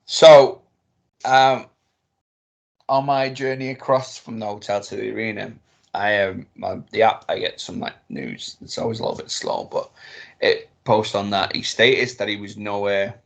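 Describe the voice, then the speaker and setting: A man co-hosting a casual podcast, telling a rambling, excitable story with some swearing. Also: fairly low pitch, unhurried, vocal fry. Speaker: podcast co-host. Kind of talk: casual chat.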